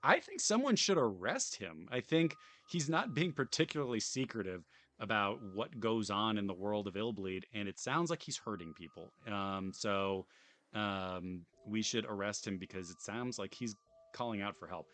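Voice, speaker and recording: A man's voice: fairly low pitch, lively intonation, normal speed, fairly bright tone. A British man streaming live, reading game text aloud with wry, chatty, self-deprecating asides. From United Kingdom.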